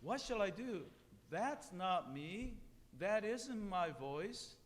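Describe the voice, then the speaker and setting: Guy doing a shy teary little bluebird, high and slow, big hall echo. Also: very animated, heavily acted. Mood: dismayed. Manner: plaintive, tearful. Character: timid ashamed little male bluebird. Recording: long hall reverb.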